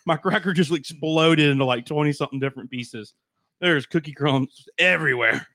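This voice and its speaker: A man co-hosting a casual chat show, blunt and quick to swear. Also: on the high side, pushed and bright, dry recording, clean studio sound.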